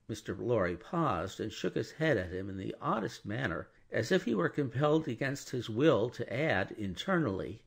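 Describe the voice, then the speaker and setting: Husky male audiobook narrator. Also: medium pitch, very animated, normal speed, few pauses. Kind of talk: scripted narration.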